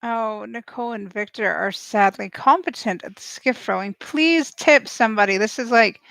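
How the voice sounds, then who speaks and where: A woman giving snarky, excitable live reaction commentary as she watches a show and cheers at the screen. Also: on the high side, moderate pace, vocal fry, hardly any pauses, dry recording. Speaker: show recap host.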